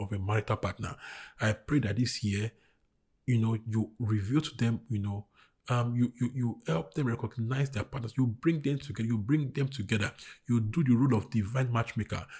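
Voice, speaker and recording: Husky pastor preaching emphatically. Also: male voice, fairly low pitch. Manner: emphatic preaching with repeated declarations, then softer prayer. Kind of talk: sermon and prayer.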